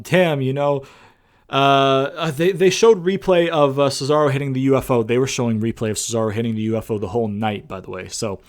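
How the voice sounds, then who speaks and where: A man giving a casual, rambling spoken review of a wrestling show, with many fillers and casual swearing. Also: mid-range voice. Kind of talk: casual recap commentary.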